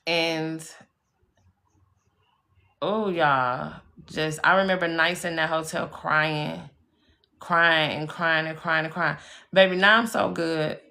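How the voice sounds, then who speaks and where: A woman speaks slowly in a low, sharp voice with vocal fry, fairly even intonation and long pauses. As a live-stream spiritual reader, she tells personal stories chattily and emphatically, swearing freely and calling viewers y'all and baby.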